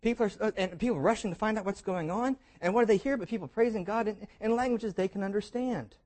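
Man, pastor, sermon, lively storytelling, slightly high voice, playful asides. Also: quick pace. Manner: animated storytelling with jokes and invited imagining.

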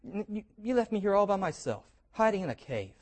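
A man's voice: high voice, very animated, brisk, darkish tone, pitched above the performer's own voice. A man voicing a weary male prophet who pleads and complains about being left alone in a cave. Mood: pleading.

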